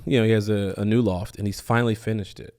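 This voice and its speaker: A man's voice: on the low side, steady tone, quick pace, a little mellow. A man co-hosting a podcast in casual chat, playful and teasing, laughing often. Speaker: podcast co-host.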